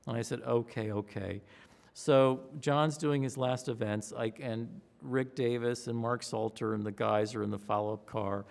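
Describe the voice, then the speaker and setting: Animated storytelling man in a reverberant hall. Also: medium pitch, moderate pace, vocal fry. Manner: animated, re-enacts his own excitement with gasps and raised voice. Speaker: pollster. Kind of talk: interview storytelling.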